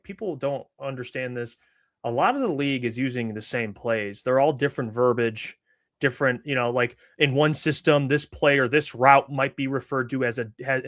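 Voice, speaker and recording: A man's voice: medium pitch, fairly bright tone. A man hosting a sports talk show, giving blunt, skeptical opinions in casual chat with frequent restarts.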